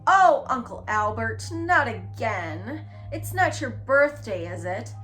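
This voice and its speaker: A woman's voice: sits high, sing-song, slow pace, a bit bright, soft background music, voice pushed up, full character voice. A woman playing a stern, prim nanny. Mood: cross. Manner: stern and cross.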